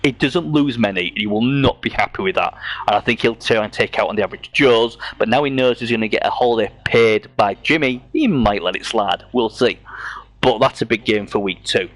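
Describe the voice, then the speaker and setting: A man's voice: lowish voice, brisk, a bit bright. A man co-hosting a casual talk show, swearing freely and laughing often as he tells stories. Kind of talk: casual banter about tabletop game league.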